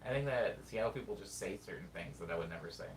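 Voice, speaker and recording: A man from California with a Californian accent, chatting casually as a streamer, thinking aloud and reading chat in a rambling, drawn-out way. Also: low voice. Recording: roomy sound, mic at a distance, faint background noise.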